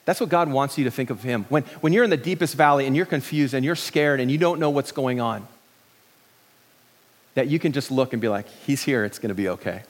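A middle-aged pastor preaching a sermon in a relaxed, joking way, with many restarts and fillers. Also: male voice, mid-range voice, in a large hall.

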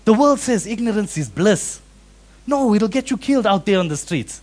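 A man preaching a sermon, animated and acting out quoted voices. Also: high-pitched, normal speed. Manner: animated, acts out quoted voices with big swings in loudness. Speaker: pastor.

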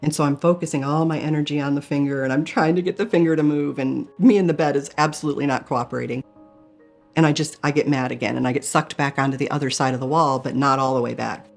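A woman's voice: sits low, fairly even intonation, fast, vocal fry, soft background music. A woman from Michigan telling an emotional personal story in earnest, often acting out her own thoughts. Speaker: near-death experience storyteller.

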